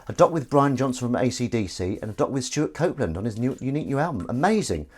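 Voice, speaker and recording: A man's voice: medium pitch, sing-song, fast talker, hardly any pauses, darkish tone. A man chatting casually on a live stream while washing up, rambling, joking and swearing freely.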